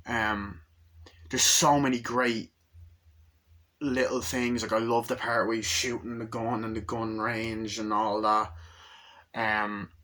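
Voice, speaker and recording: A man's voice: lowish voice, flat delivery, takes it slowly, pauses often, pushed and bright. A young man giving a casual movie review, rambling and acting out lines from the film in raised voices.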